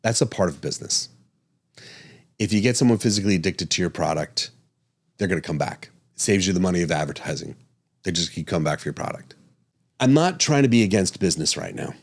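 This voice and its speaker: A man's voice: low voice, lively intonation, fast. A man hosting a podcast, talking casually and animatedly, chuckling and correcting himself as he goes. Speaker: podcast host and physician.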